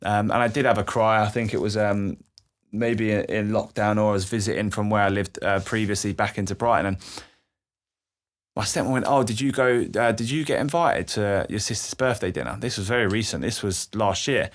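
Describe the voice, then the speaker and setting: A man's voice: fairly low pitch, brisk. Young man telling his story. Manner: emotional, swears freely, acts out quoted voices. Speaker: guest. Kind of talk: candid personal storytelling.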